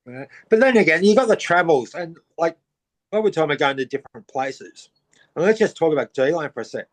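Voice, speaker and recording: Lively Australian man telling surf stories. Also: a little high, fairly quick. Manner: animated, acts out quoted voices in his anecdotes. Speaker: podcast guest. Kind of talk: casual storytelling.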